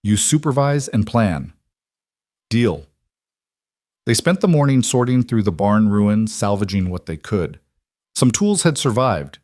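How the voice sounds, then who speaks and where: A man narrating a western romance story in a calm, even storytelling manner. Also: fairly low pitch, dry recording, studio quality. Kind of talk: scripted audiobook narration.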